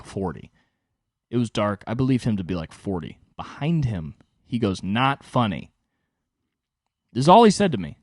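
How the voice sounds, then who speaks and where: A young man hosting his own podcast, telling a rambling story in casual, profane storytelling with sudden jumps in pitch for emphasis. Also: dry recording, clean studio sound. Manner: animated, swears freely, pitch jumps high for emphasis. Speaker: podcast host and stand-up comic.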